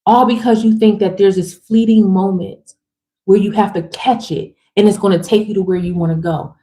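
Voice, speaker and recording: Woman motivational speaker, livestream pep talk, emphatic and slangy, medium pitch. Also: steady tone, moderate pace, dark tone. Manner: fired-up, emphatic, swears casually; slangy, chatty, speaks straight to women viewers.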